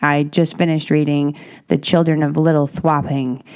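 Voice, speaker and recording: Woman, podcast host, low voice, congested, breathy, scratchy throat, rambling monologue. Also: little pitch movement, normal speed, darkish tone. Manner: rambling, self-reflective, many restarts.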